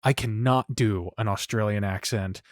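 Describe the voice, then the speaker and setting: A man's voice: on the low side, moderate pace, no room sound, studio quality. A man hosting a casual podcast roundtable, asking guests questions and musing aloud about his worries. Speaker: podcast host.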